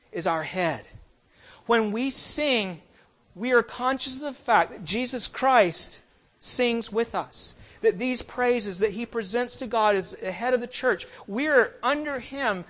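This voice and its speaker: A man's voice: sits high, fairly bright tone. A man preaching a sermon with earnest emphasis, his volume swelling and dropping.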